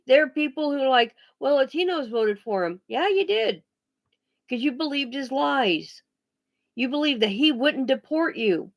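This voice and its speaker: A woman ranting bluntly on a casual vlog, swearing freely and often restarting her sentences. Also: high-pitched. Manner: blunt, profane, emphatic; halting restarts and pauses. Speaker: vlogger.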